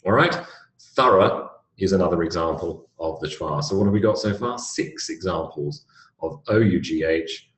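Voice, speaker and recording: A man with a British accent gives a recorded English pronunciation lecture, spelling words out letter by letter in a clear, deliberate way. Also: low voice. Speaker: English teacher. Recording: roomy echo.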